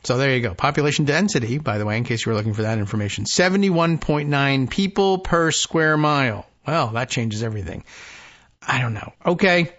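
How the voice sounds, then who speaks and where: A male podcast host reads news items aloud and keeps breaking off into dry, wry asides. His voice sits at a middling pitch. The audio is a bit dull and lo-fi. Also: animated, brisk, a bit bright. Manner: dry, wry asides, trails off with "I don't know". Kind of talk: casual political talk, reading news aloud.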